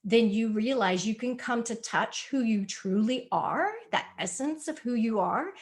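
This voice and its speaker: A woman's voice: fairly high pitch, measured pace. A woman presenting a spiritual health talk over a video call, earnest and coaxing, repeating her points. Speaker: wellness presenter. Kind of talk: live online presentation.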